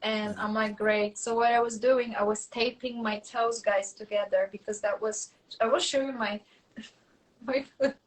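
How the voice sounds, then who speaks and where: High-voiced woman. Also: measured pace, poor audio. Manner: animated storyteller, acts out quoted dialogue, many fillers and restarts. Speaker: guest. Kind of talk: casual interview conversation.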